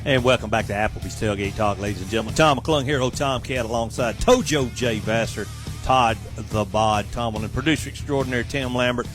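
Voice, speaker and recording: A man's voice: mid-range voice, fairly quick, music in the background. A man hosting a sports talk radio show, joking around in a loose, upbeat way. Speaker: radio host.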